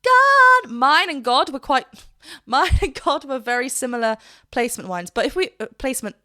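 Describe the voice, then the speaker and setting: A woman vocal coach talks through a song with a bright, clear tone, her voice sitting a little high. She chats in an animated way and now and then sings a quick example line. The sound is dry and close, with faint music behind her. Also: no room sound. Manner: chatty and animated, breaks into short sung demonstrations. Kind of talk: reaction video with vocal analysis.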